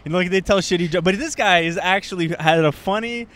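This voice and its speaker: A man's voice: high-pitched, fast, a bit bright. A man co-hosting a comedy podcast, chatting casually and telling stories with lots of laughter, recorded outdoors. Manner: laughing, rambling storyteller. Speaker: podcast co-host and stand-up comedian. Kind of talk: casual banter. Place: outdoors in a park.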